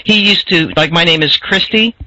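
Bright-voiced woman interviewer, curious. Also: on the low side, moderate pace. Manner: warm, curious questions, laughs often. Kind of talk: casual interview chat. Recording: dull lo-fi dry recording.

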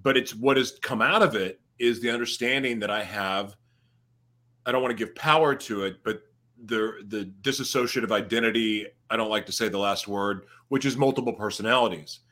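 Low-voiced man, bright forceful tone. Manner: candid, halting, with restarts. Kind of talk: casual podcast conversation.

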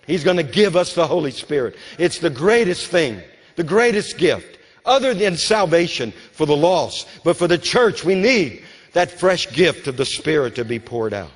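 A man preaching a sermon with a Southern American accent, rising to emphatic calls and dropping to hushed storytelling. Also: fairly high pitch. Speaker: pastor. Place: church sanctuary. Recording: church hall with long reverb.

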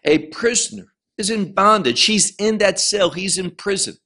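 A man teaches a Bible lecture in a high-pitched, bright, forceful voice, expressive throughout. He stresses key words slowly and emphatically, often restarting and repeating words as he explains.

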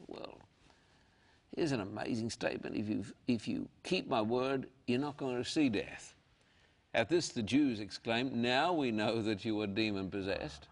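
Gravelly man teaching the Bible. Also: medium pitch. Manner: earnest, reads scripture aloud slowly. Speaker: guest preacher explaining the Bible.

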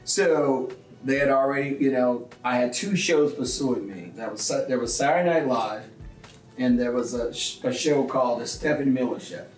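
A man, a comedian, telling stories in a relaxed interview and acting out the people he quotes. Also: medium pitch, normal speed, faint music behind. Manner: animated storyteller who acts out quoted people. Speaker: comedian guest. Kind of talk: conversational interview storytelling. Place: small theatre. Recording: roomy sound from a distance.

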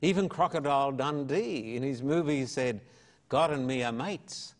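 A man's voice: medium pitch, moderate pace. An older Australian man, an evangelist and pastor, answering interview questions in a fervent, preacherly way.

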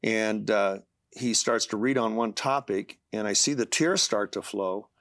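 A man's voice: on the low side, unhurried, a bit bright, no echo, clean studio sound. An older man, an author being interviewed, speaking earnestly and reading scripture aloud with passion. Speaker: author guest.

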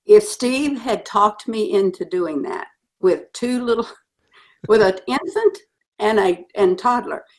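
A woman's voice: mid-range voice, takes it slowly. Earnest storytelling woman. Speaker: guest. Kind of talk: storytelling in an interview.

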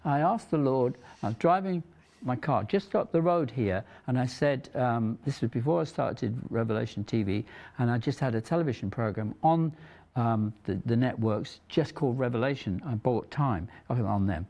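A man's voice: medium pitch, lively intonation, moderate pace, a little mellow. A middle-aged man hosting a Christian talk show, a rambling, chatty storyteller who laughs often. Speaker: TV show host.

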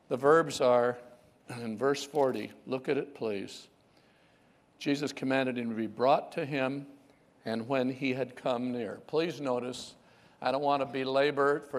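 Emphatic preacher in a reverberant church. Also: male voice, mid-range voice, creaky. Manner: emphatic, repeats key phrases, calls on the congregation. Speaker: pastor. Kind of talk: sermon.

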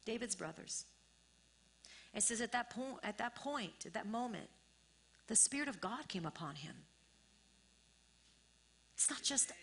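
A woman's voice: mid-range voice, fairly bright tone. A woman pastor preaching a sermon, repeating phrases and building to emphatic, rising bursts.

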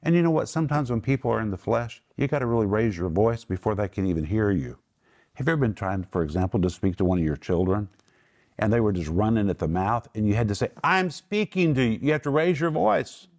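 A man's voice: lowish voice, lively intonation, a little mellow. Male Bible teacher, emphatic, voice jumps up for quotes, stretches key words. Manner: emphatic, raises voice sharply for quotes; draws out key words slowly.

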